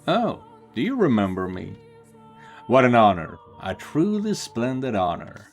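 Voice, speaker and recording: A man reading a cruel, mocking lord from a game, slow and gloating. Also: mid-range voice, huge pitch swings, vocal fry, soft background music, full character voice. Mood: gloating cruelty. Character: cruel sneering male lord, mocking and sadistic.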